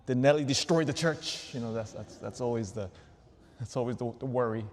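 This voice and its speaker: A man, a Catholic priest, preaching a sermon in an animated way, full of rhetorical questions. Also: mid-range voice, fairly quick, a little hiss or hum. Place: large church. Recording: long church reverb.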